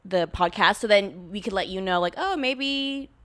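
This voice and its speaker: A woman's voice: mid-range voice, lively intonation, moderate pace, a bit bright. Giggly woman podcast co-host. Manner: playful, giggly, bantering. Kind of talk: casual chat.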